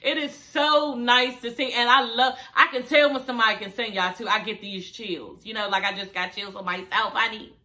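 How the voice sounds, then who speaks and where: A woman's voice: a little high, fairly even intonation, normal speed, hardly any pauses, bright, forceful tone. A woman giving a blunt, sassy, casual reaction review of a TV show, swearing freely. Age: adult with a daughter.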